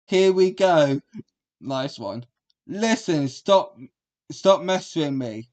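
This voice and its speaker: A man's voice: on the high side, animated, takes it slowly, a little mellow. A man, giving a rambling, crude and combative reaction commentary as a streamer.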